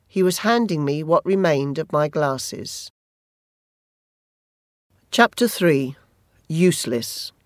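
A first-person audiobook narrator with a mid-range voice, telling the story at a steady, measured pace. The recording is close and dry, with almost no room sound. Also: medium pitch, no echo.

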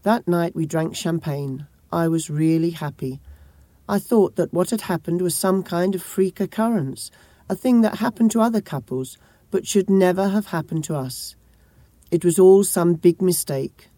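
Woman, first-person audiobook narration, grave, measured, mellow, dry. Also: on the low side, no echo.

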